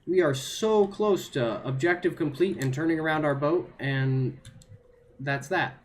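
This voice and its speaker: A man's voice: on the high side, unhurried, a little hiss or hum. A man streaming a video game, talking to himself and his chat in a nervous, repetitive way. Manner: nervous self-talk, repeats phrases under pressure. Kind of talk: live gameplay commentary to chat.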